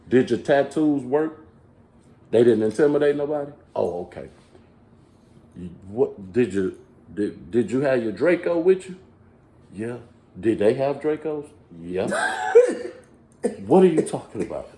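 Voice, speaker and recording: A man in casual podcast chat, animated and mocking, swearing and laughing often. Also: medium pitch, unhurried, pauses often. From Texas. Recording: echoey room.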